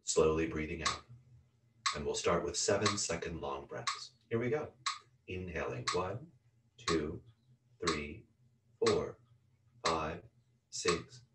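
Speaking in a deep bass voice, a man teaching yoga calmly and slowly counts breaths in and out during a breathing exercise. A far-off microphone gives the recording a roomy feel, and there's heavy background noise. Throughout, a loud metronome clicks at one beat per second.

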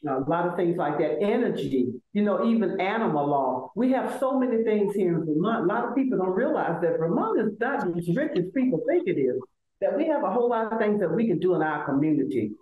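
An older woman from Selma, Alabama with a Southern accent, speaking as a guest in an interview, animated and emphatic, often repeating words as she builds a point. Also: mid-range voice, a little fast, phone-quality sound, a little hiss or hum. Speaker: law school administrator, guest. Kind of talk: conversational interview. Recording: echoey room.

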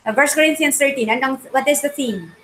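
Filipino woman, Bible study teacher, high bright voice, animated, keeps quizzing the class, light background hiss. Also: fairly quick, poor audio. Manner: quizzes the class with frequent questions; animated, mixes English and Tagalog.

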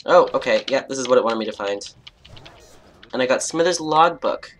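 Young Canadian woman, let's-play host, playful mock outrage, very lively pitch. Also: normal speed, a little hiss or hum. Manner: playful and chatty, mock outrage, jokey asides. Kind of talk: gameplay commentary, reading quest text aloud.

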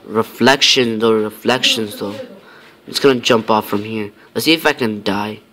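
A man's voice: lowish voice, normal speed, pushed and bright. Rambling young-sounding male gameplay commentator. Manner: rambling, self-talking, frequent fillers, mock-tough lines.

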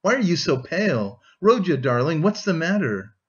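A man's voice: on the high side, very animated, moderate pace, slightly rough, lo-fi sound, pitched above the performer's own voice. A man reading an audiobook, voicing a proud young woman who speaks firmly and dryly. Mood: upset. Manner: firm, dry, cool.

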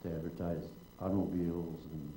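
An older man with a low, warm voice, little pitch movement, and a brisk pace is a guest in a public conversation in an auditorium, recorded with roomy hall echo and a little hiss or hum. A wry, digressive storyteller, he spins long anecdotes on stage and acts out the people in them.

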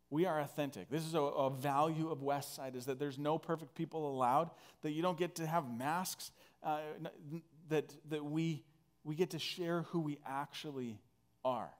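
A man from northern Canada preaching a conversational sermon, earnest and full of restarts. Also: medium pitch. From northern Alberta, Canada. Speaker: pastor.

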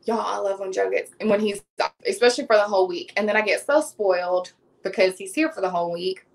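A woman's voice: mid-range voice, quick pace, gravelly, rough recording. Chatty Southern woman cooking live. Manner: chatty, addresses viewers as y'all. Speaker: cooking vlogger hosting a livestream. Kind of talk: casual live cooking chat.

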